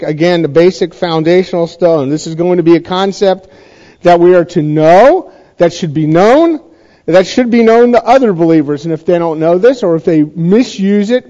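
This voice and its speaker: High, mellow-voiced man teaching scripture. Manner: conversational, checks in with listeners, repeats points for emphasis. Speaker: pastor teaching a Bible study. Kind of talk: sermon-style Bible teaching. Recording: dull lo-fi recording.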